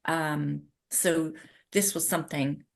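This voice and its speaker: A woman's voice: low-pitched, fairly even intonation, takes it slowly, gravelly. A middle-aged Irish woman, a guest in a casual interview, telling her story with animation and acting out her own past thoughts. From Ireland. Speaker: interview guest, retreat owner.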